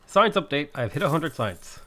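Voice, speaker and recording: A man's voice: on the high side, very animated, moderate pace, pushed and bright, a little hiss or hum. A man hosting a casual multiplayer game stream, explaining game mechanics and laughing easily. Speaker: streamer host. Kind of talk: casual gaming chat.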